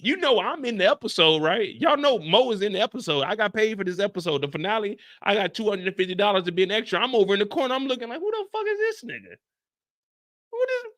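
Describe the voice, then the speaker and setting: Animated ranting man hosting a live stream. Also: high voice, fast talker, few pauses, no room sound. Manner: loud profane ranting, talks straight to chat. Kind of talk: live after-show commentary.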